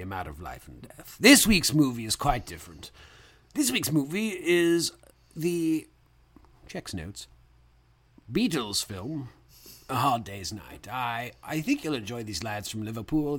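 A man's voice: mid-range voice, sing-song, moderate pace, pushed and bright, slightly rough, heavily acted. A man doing a comic impression of a pompous, catty ghost of a grand old British actor. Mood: haughty. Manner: pompous, gossipy and plummy. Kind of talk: comedic impression.

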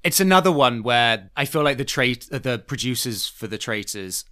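A podcast co-host chatting casually, quick with reactions and side comments. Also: mid-range voice, animated, fairly bright tone. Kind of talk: casual chat.

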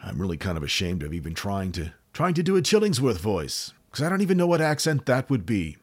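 Low-voiced American man telling a crime story. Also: a little fast, slightly rough. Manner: relaxed, joking, with frequent fillers. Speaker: podcast host. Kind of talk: casual true-crime storytelling.

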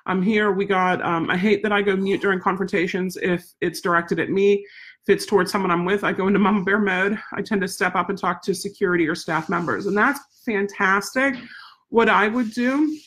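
A woman's voice: mid-range voice, brisk, a bit bright. A woman vlogger casually telling a story in a rambling, repetitive, exasperated way. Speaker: vlogger, service dog handler.

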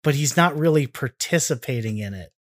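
A man co-hosting a casual podcast, excitable and self-mocking, often tripping over his words. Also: medium pitch, fairly quick. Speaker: podcast co-host.

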